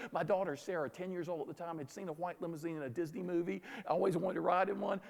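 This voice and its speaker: A man with a Southern American accent telling a lively story to an audience, acting out the dialogue as he goes. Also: sits high, fast talker, gravelly, hardly any pauses, long reverb tail. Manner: animated, plays out dialogue in the story. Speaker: speaker. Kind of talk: storytelling keynote talk.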